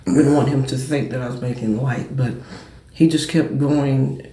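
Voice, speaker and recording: A man hosting a casual sports and cigar talk show, telling stories in quick, animated bursts. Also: medium pitch, echoey room.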